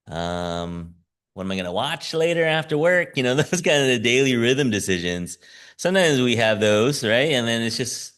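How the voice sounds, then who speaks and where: A man's voice: mid-range voice, a bit bright. A man who teaches school, preaching a conversational sermon with frequent chuckles and "right?" asides.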